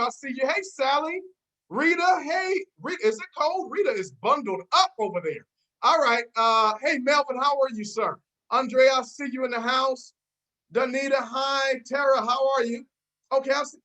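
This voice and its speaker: A woman's voice: on the high side, fairly bright tone, poor audio. A woman hosting a team video call, giving a fired-up motivational pep talk, repeating herself and calling out listeners by name.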